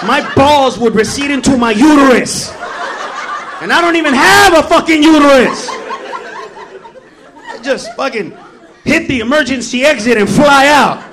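A male stand-up comedian doing a profane routine, shouting punchlines and laughing through his lines. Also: very high-pitched, expressive, normal speed, pauses often.

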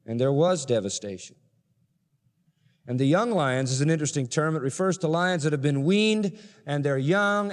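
A man preaching an expository sermon, his voice sitting a little high for a man. He explains scripture verse by verse and drives home his points with emphasis. His voice rings out with a long reverb in a large hall. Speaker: pastor.

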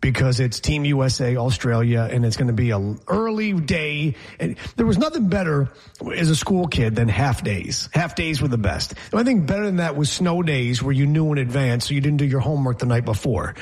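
A man co-hosting a radio show, telling stories in quick, joking banter with playful asides. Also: mid-range voice, darkish tone. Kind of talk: casual banter.

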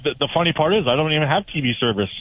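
A man's voice: fairly high pitch, expressive, racing, breathy edge, dry recording. A man calling in to a radio show, chatting in a wry, matter-of-fact way. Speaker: caller. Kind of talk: casual phone chat. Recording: dull phone-quality audio.

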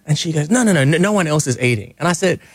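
A man's voice: a little high, lively intonation, racing, breathy edge, dry recording. A man telling a comic story as a guest on a radio show, laughing often as he talks. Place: radio studio.

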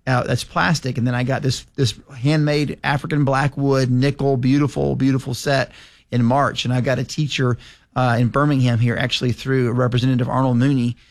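A man's voice: medium pitch, flat delivery, brisk. A man in his forties, a legislator telling folksy, rambling stories as a guest in a casual radio interview. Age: 40s.

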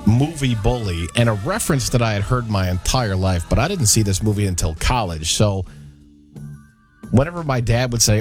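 A man co-hosting a casual chat, telling lively stories and acting out quotes. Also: on the low side, a little fast, soft background music. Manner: animated storyteller, acts out quotes. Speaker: co-host.

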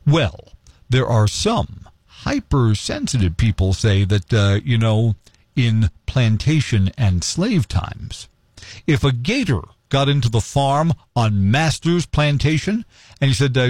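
A man hosting a morning radio talk show, giving his opinion in an earnest, animated way and jumping high when he acts out crowd chants. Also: unhurried, no echo. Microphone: studio microphone.

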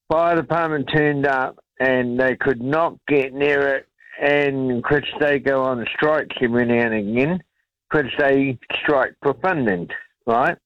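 Slow, rambling caller on a muffled line. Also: male voice, mid-range voice, dry recording. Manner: rambling and indignant. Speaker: radio caller. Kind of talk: phone-in chat.

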